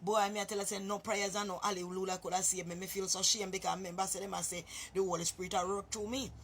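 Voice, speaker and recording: A woman's voice: mid-range voice, level tone, quick pace, fairly bright tone, a little hiss or hum. A woman with a Jamaican accent telling a story casually to her viewers, chatty and often calling listeners "boy" or "master".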